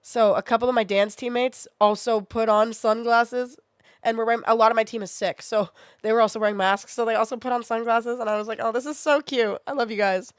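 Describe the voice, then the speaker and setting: A woman's voice: a little high, little pitch movement, clean tone, no echo. A young woman streamer, sick with a sore throat, chatting casually and venting bluntly with plenty of swearing. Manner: blunt, swears often, quick to vent.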